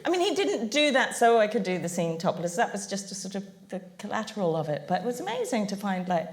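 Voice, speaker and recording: A woman's voice: mid-range voice, very animated, quick pace. A woman on a panel, telling anecdotes and laughing often as she talks. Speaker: panel guest. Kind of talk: anecdotal storytelling on stage. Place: public venue.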